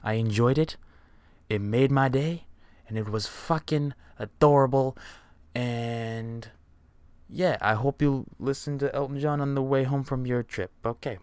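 A man's voice: medium pitch, steady tone, a little slow, a little mellow, clean tone, no echo. A young man casually telling a rambling, profanity-filled story.

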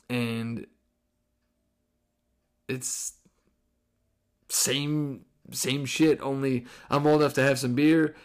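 Profane, animated male podcast storyteller. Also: medium pitch. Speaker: podcast host. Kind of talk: casual storytelling.

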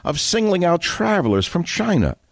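A man's voice: high-pitched, sing-song, normal speed, gravelly, dry recording, studio quality. A man hosting a political talk radio show, delivering an emphatic monologue that repeats key words and draws out stressed phrases.

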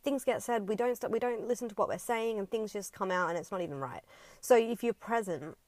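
A woman's voice: mid-range voice, a little fast, darkish tone, no echo. A woman talking in a casual, reflective monologue, earnest and rambling, with frequent ums and casual swearing. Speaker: vlogger.

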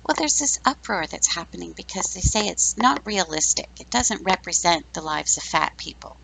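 A woman in her fifties talks through her opinions in a blunt, sarcastic, chatty way. Her voice is full of gravelly fry. A faint hiss sits under the recording. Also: fairly low pitch, lively intonation, normal speed, pushed and bright, rough recording. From Canada. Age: 50s. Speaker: podcast host. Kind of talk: casual opinion monologue.

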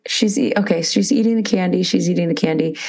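Lower-voiced woman podcast co-host. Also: fast talker, darkish tone. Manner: playful, chiming in and building on jokes. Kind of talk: casual chat.

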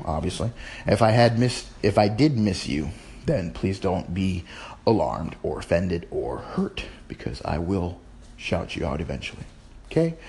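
A man's voice: low voice, a little mellow, slight background noise. A man hosting his own podcast, chatting in a rambling, playful, casual way. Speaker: podcast host. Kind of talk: casual chat.

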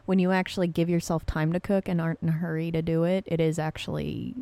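A woman's voice: low-pitched, fairly even intonation, quick pace, vocal fry, warm tone, no room sound. A woman co-hosting a casual home podcast, chatty and giggly, rambling through everyday stories. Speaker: podcast co-host. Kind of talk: casual chat.

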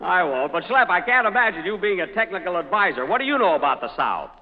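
Exasperated comedian host on old radio. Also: male voice, sits high, very animated, quick pace. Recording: muffled old radio broadcast with long reverb.

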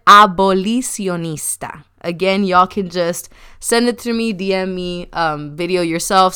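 A young woman's bright, crisp voice sits a little low in pitch as she hosts a loose, talkative chat. She laughs easily and keeps addressing listeners as y'all. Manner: chatty, laughing often, says y'all. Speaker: podcast host. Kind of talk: casual chat.

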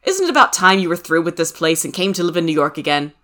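A woman's voice: lowish voice, very animated, a bit bright. A woman reading an insistent pushy rich man. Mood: impatient. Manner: insistent, urgent, brisk. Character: wealthy man, earnest, impatient and pushy.

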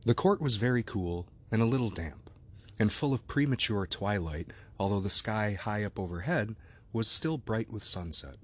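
Man, audiobook narrator, low voice, measured scripted narration. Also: lively intonation, a bit bright, slightly rough.

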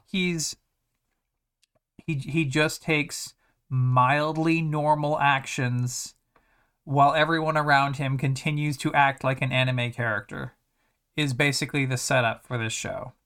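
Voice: medium pitch, steady tone, unhurried, a bit bright. An anime reviewer talking casually, rambling with many restarts and sarcastic asides.

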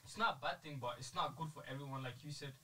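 A man's voice: on the high side, fast talker, sharp tone. A young man, arguing a point in a casual chat, hedging with lots of fillers. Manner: argumentative, hedging with many fillers. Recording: distant mic, faint room noise.

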